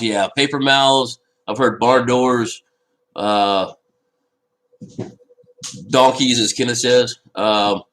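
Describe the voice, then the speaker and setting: Talking into a laptop's built-in microphone, this fishing channel host chats loosely and responds aloud to viewer comments during a relaxed stream from his home. He has a lowish, slightly bright voice, and the recording quality is low.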